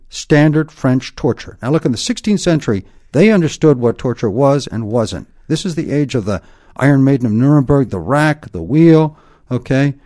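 A man's voice: medium pitch, warm tone. A man explaining points emphatically in an interview, lecturing and often tagging points with "okay?". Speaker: guest expert.

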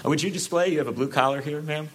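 A man giving a public talk with sarcastic, animated delivery and frequent asides. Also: a little high, very fast. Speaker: speaker.

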